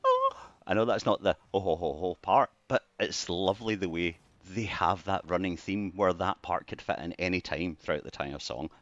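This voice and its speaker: A man's voice: sits low, moderate pace, few pauses, no echo. Rambling Scottish man, lo-fi and dry. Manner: rambling, jokey, swings between mumbling and bursts of excitement. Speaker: vlogger. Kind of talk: casual rambling monologue to camera. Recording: dull lo-fi dry recording.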